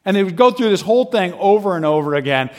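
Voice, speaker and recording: Animated man telling a story. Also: high-pitched, fast talker. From United States. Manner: lively, laughing as he tells it, acts out voices.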